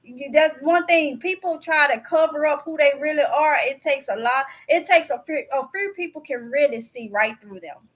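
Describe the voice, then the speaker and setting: A woman with a Mississippi Southern accent talks straight to her viewers in a high, bright-pitched voice. She is chatty and candid, telling stories in a folksy home dialect. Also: normal speed, hardly any pauses. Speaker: vlogger. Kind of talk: casual storytelling to camera.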